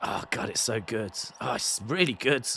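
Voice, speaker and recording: A man, reacting live to a wrestling show and swinging from quiet mutters to excited shouts. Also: fairly low pitch, normal speed, gravelly, husky. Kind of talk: live watch-along commentary.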